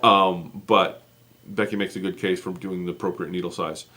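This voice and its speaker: A man's voice: low voice, fairly even intonation, normal speed, pushed and bright, slight background noise. A man, co-hosting a casual chat, rambling and poking fun at himself with lots of ums. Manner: rambling, self-mocking, many fillers. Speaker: co-host.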